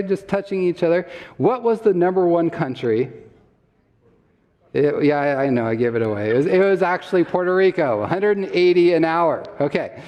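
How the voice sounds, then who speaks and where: A man with a fairly high voice lectures to a live crowd. He quizzes the audience and laughs along with them. His voice rings with long reverb from a church hall. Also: darkish tone. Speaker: health summit speaker.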